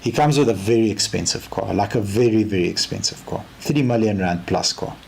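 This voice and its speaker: A South African man giving a casual training talk, telling a story in an animated way and acting out both sides of the conversation. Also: lowish voice, fairly quick, gravelly, slight background noise. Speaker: car sales trainer.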